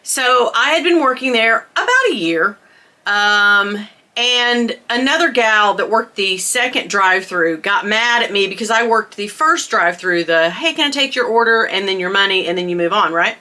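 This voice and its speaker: A middle-aged woman vlogger telling a storytime, chatty and animated, laughing often. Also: mid-range voice, moderate pace. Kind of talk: storytime chat.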